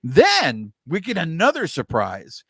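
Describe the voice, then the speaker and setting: Man, podcast co-host, casual chat, lively pitch swings, fairly high voice, dry sound. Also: takes it slowly, no room sound. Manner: animated, explains at length with filler words.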